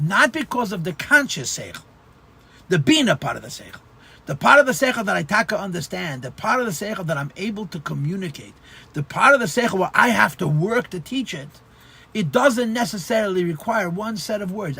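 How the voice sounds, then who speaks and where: Gravelly husky rabbi expounding Chassidus. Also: male voice, high-pitched, fairly bright tone. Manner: explanatory, repeats phrases, stammers restarts. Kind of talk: Torah class at a farbrengen.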